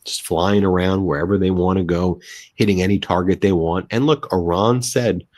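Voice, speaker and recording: Male commentator, low voice, dry close sound, emphatic and scornful. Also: fairly even intonation, moderate pace, darkish tone, dry recording. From United States. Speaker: political commentator. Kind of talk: political commentary video.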